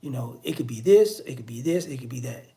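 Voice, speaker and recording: A male online commentator delivers a casual monologue fast and animated, his medium-pitched voice dark with vocal fry. He's conversational and repetitive, often throwing in "you know what I'm saying."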